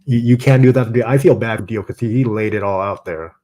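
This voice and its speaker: A man calling in to a sports show, talking in an animated, exclamatory way. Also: fairly low pitch, brisk. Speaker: caller. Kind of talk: call-in conversation.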